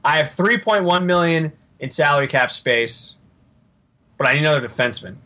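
A man co-hosting a podcast in casual chat, rambling and joking as he thinks out loud. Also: fairly high pitch, fairly quick. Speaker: podcast co-host.

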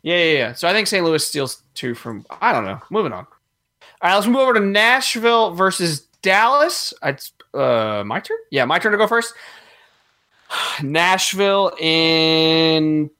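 A young man co-hosting a casual sports chat, animated and laughing often as he thinks aloud. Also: fairly high pitch, unhurried. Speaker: podcast co-host.

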